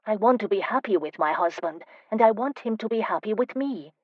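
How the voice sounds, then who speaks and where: A woman narrator voicing a spirited, teasing young woman in an audiobook, speaking with lively, emphatic delivery. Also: medium pitch, fairly quick, no echo, dull audio, voice pushed up, natural voice. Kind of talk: audiobook character voice.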